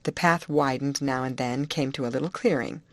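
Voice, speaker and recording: A woman narrating an audiobook in a clear, expressive storytelling manner. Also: a bass voice, moderate pace, no echo. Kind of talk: audiobook reading.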